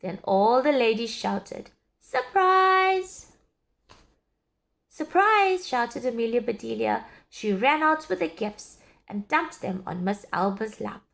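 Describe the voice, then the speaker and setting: A woman reading a children's story aloud in an expressive, sing-song way. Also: on the high side, measured pace, gravelly, few pauses. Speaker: storybook reader.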